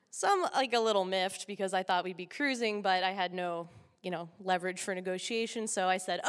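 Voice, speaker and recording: Woman from Texas, lively stage storyteller, laughs through it, bright tone, long hall reverb. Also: mid-range voice, brisk. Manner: animated, laughing often. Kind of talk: live comic storytelling.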